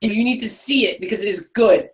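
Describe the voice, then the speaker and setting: A woman's voice: medium pitch, fast talker. A woman with a New York accent, talking as co-host in a casual chat, emphatic and enthusiastic.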